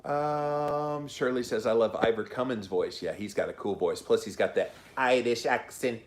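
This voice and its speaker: A middle-aged man with a Southern accent, hosting a casual livestream and answering viewer comments in a chatty, encouraging, slow-spoken way. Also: medium pitch. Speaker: podcast host reading viewer comments.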